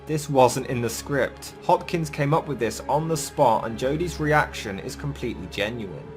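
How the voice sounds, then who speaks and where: A man's voice: mid-range voice, moderate pace, over music. A man giving a scripted, opinionated film review in a blunt, sarcastic manner.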